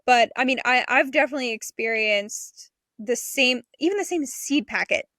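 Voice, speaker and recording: A woman's voice: on the high side, moderate pace, bright, forceful tone, dry recording, clean studio sound. A young adult woman co-hosting a homesteading podcast, chatting enthusiastically and laughing between thoughts. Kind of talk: casual chat.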